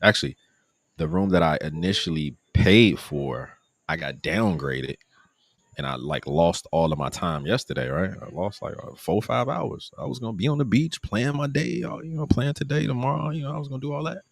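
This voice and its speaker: A man casually recounting his trip during a live stream, animated, acting out the people he met. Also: normal speed, vocal fry, dry recording. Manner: animated, acts out quoted people in a higher voice. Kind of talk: casual storytelling.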